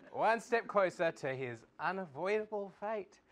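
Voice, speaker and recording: A man's voice: sits high, very animated, takes it slowly. A man hosting a live comedy quiz show in a studio, jokey and chuckling as he reads out questions.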